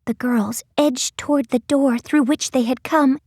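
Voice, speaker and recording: Woman narrator, high voice, slow pace, gentle expressive storytelling, dry studio sound. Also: slightly rough, dry recording. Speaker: audiobook narrator. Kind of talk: scripted narration.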